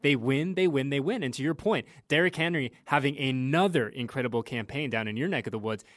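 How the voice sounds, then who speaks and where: A man's voice: mid-range voice, a little fast, no echo. A man co-hosting sports talk radio from a studio, playful and theatrical with mock outrage. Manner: theatrical mock outrage, wrestling-promo cadence.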